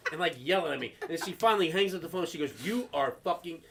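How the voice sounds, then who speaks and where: A man's voice: high voice, brisk, vocal fry, sharp tone, slight background noise. A man hosting a casual podcast, telling profane stories and acting out other people's voices. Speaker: podcast host. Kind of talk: casual storytelling chat.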